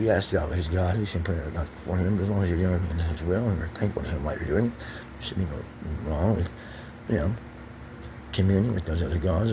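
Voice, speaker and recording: Low-pitched man, rambling and profane, pressured speech with heated swings, audible background noise. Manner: rambling, drops to whispers then rises to agitated shouting. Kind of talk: rambling monologue vlog.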